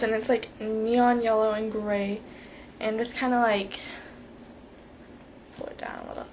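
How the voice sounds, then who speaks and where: A woman's voice: a little high, a little hiss or hum, low-quality recording. A teenage girl giving a rambling, chatty vlog tutorial, full of fillers. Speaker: vlogger.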